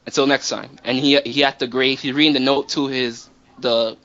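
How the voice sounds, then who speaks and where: Bright-voiced man telling a rambling story. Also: medium pitch, little pitch movement, moderate pace. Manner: rambling, profane, many restarts. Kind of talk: casual storytelling to friends. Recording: dull lo-fi recording.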